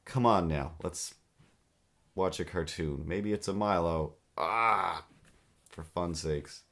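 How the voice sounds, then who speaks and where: Deep-voiced man ranting comedically. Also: slow pace, a little hiss or hum. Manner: animated, exasperated ranting with voices. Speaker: podcast host. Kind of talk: comedic monologue.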